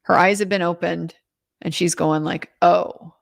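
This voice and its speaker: A woman's voice: lowish voice, steady tone, normal speed, vocal fry. A woman commentator giving a casual, chatty recap of a trial, with many restarts and quoted lines.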